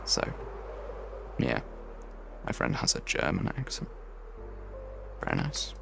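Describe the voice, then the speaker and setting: A man's voice: takes it slowly, music in the background. A young man from the English Midlands with a Midlands accent, chatting casually on a game livestream and answering chat while he builds. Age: young adult. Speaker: streamer.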